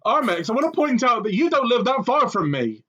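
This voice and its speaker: A man's voice: extremely high pitch, sing-song, brisk, muffled recording, very noisy. A man from Bristol, a streamer, explaining things with hesitant fillers in casual banter. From Bristol, England.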